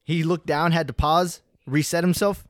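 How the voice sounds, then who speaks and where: A man's voice: a little high, flat delivery, moderate pace, fairly bright tone, no room sound. Young man, podcast co-host, laid-back, questioning, casual chat, dry sound.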